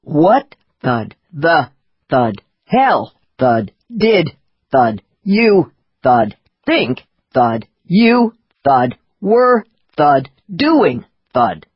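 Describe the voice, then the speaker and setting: A woman voicing a gruff, angry man who growls his words in clipped bursts. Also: deep voice, animated, moderate pace, dry recording, lo-fi sound, voice pushed down. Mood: furious. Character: gruff angry man, wounded operative with cane.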